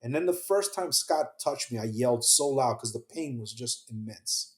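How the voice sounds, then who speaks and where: A man's voice: mid-range voice, lively intonation, normal speed. Man telling his story in an echoey room. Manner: earnest, acts out quoted voices, drops soft at painful moments. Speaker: podcast guest, survivor telling his story. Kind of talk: emotional first-person storytelling.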